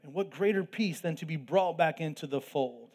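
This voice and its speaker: A pastor preaching an earnest sermon, with plain asides between scripture readings. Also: male voice, on the high side, darkish tone. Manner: earnest preaching with asides and quick self-deprecating jokes. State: throat tickle, coughing at times.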